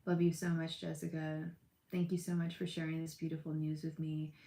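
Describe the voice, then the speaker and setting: Emotional young woman live-streaming, gravelly. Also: sits low, completely flat delivery, fairly quick, roomy sound. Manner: warm, gushing and emotional, talks to viewers by name. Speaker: livestream tarot reader. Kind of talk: casual live-stream chat with viewers.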